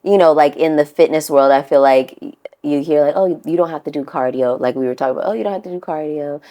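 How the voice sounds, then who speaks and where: A woman co-hosting a podcast in casual chat, blunt and animated, swearing freely. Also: sits low, fast, muffled recording. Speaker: podcast co-host.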